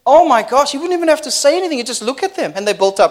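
A man preaching a sermon in an animated, conversational way, often laughing and asking the crowd questions. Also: very high-pitched, very fast.

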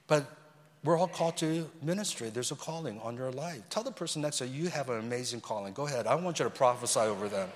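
A man preaching a sermon as a guest speaker, swinging between loud emphasis and quiet asides. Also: medium pitch, expressive, fast talker, a little hiss or hum. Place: church sanctuary. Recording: long reverb of a large hall.

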